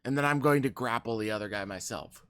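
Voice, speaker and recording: A man plays a character in a tabletop role-playing session, brash and teasing. His voice is bright and forceful, and the sound is dry and close. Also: medium pitch, fast, smooth, no room sound. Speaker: player. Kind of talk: casual tabletop play.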